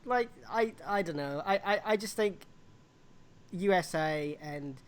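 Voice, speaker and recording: A woman co-hosting a casual live wrestling chat show, talking in an animated way and acting out little voices. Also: lowish voice, measured pace, smooth. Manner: animated, acts out little voices and laughs often. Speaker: podcast co-host.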